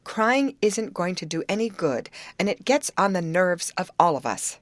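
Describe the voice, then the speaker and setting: A woman voicing a sharp, no-nonsense young woman in an audiobook who speaks curtly and incisively. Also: on the low side, expressive, normal speed, no room sound, lightly acted. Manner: curt and incisive.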